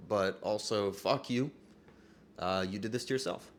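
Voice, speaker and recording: A man's voice: fairly low pitch, a little fast, slight background noise. A man streaming live and talking to his chat, earnest and profane, joking and laughing often. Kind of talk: livestream talk to chat.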